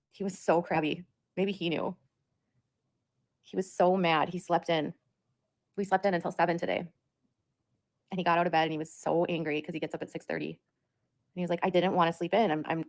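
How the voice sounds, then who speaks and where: A woman's voice: on the low side, gravelly. A woman talking on a livestream in a rambling, repetitive way, with lots of "like". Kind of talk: livestream monologue.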